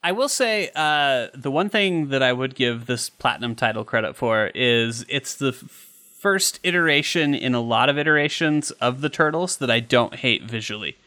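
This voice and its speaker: A man's voice: mid-range voice, animated, moderate pace, sharp tone. A man co-hosting a casual chat about games, joking, laughing often and swearing offhandedly. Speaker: podcast co-host.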